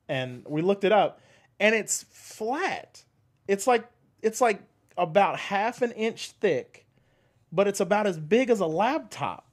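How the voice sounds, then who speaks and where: Male podcast co-host, lively swinging pitch, loose profane chat, quick to laugh. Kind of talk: casual chat.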